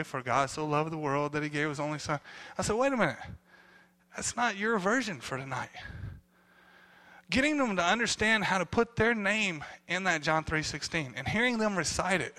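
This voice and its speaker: A man, a pastor in his thirties, preaching a sermon, telling family stories and acting out the people in them. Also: high-pitched. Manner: animated storytelling, acting out quotes.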